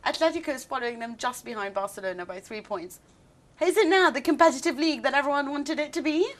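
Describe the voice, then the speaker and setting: Higher-voiced woman hosting a football chat. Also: fast. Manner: lively, asks pointed questions. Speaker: show host. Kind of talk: casual studio discussion.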